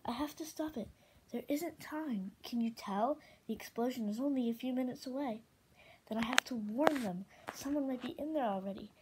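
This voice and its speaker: A woman's voice: on the high side, normal speed, very noisy, close to an everyday voice. A woman voicing a frightened young female dragon with visions, talking in a frantic, pleading way.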